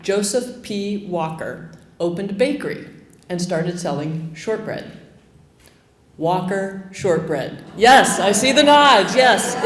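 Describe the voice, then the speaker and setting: A woman telling a comic tall tale to a live audience in an animated, lively way. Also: medium pitch, echoey room. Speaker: storyteller.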